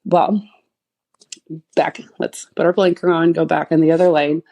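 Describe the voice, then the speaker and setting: Low, husky-voiced woman chatting. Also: fairly even intonation, moderate pace, warm tone. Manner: rambling storytelling with frequent laughs and acted quotes. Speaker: podcast host and chiropractor. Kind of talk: casual solo podcast monologue.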